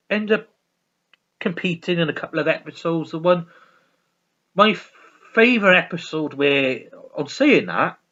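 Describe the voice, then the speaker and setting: A man's voice: fairly high pitch, fairly bright tone. A man chatting casually as a vlogger, rambling with restarts and chuckling along. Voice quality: rambling, many restarts and laughs. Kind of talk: casual chat about a sitcom. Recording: dull lo-fi recording.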